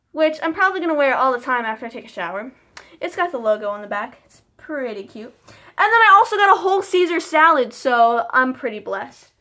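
A woman's voice: on the high side, fairly bright tone. A young woman vlogging casually, telling a personal story in a chatty, emotional way with lots of "like" fillers.

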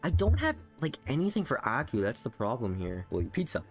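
A young male streamer commentates his own gameplay in an exasperated, ranting way. His voice sits at a middle pitch but lurches between grumbling lows and sudden shouted peaks. Faint music plays behind him. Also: huge pitch swings, a little fast. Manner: angry ranting, swings from muttering to shouting. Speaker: gaming streamer. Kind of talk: frustrated live gameplay commentary.

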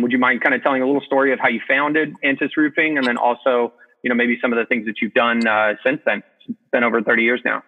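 Man, podcast host, quick delivery, dull lo-fi audio, casual filler-heavy questions. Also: mid-range voice. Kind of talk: casual interview.

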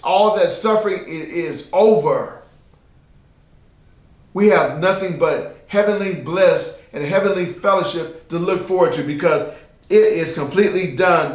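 A man's voice: sits high, roomy sound. A man preaching a sermon as pastor, emphatic and repetitive, asking the listeners rhetorical questions.

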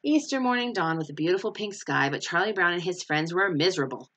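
A woman teacher reading a children's picture book aloud, telling the story expressively. Her voice sits fairly low and moves with lively rises and falls. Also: quick pace.

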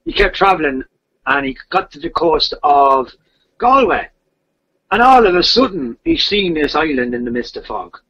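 A man's voice: a little high, very animated, normal speed, sharp tone, breathy edge. A man telling a legend in casual, rambling talk, with repeated fillers. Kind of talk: casual storytelling. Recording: dull lo-fi podcast audio.

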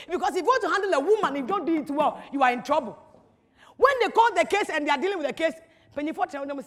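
A woman giving an animated, teasing church talk to an audience, full of rhetorical questions. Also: high-pitched, quick pace, in a large hall. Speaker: speaker at a church teaching. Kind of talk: lively sermon-style talk to an audience.

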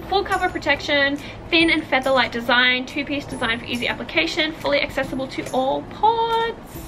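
A young woman unboxing products for her vlog, gushing and excitable, gasping and exclaiming as she opens each package. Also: high voice, rough recording. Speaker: vlogger. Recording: faint music behind.

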